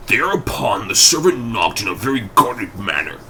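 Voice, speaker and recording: Male audiobook narrator, dramatic reading, bright voice, lively pitch. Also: normal speed, gravelly, slight background noise, poor audio.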